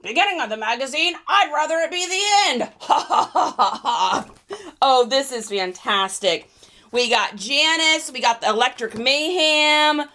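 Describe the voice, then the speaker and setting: A young adult woman hosting a casual livestream, chatty and excitable, laughing often. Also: sits high, moderate pace. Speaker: reseller livestream host.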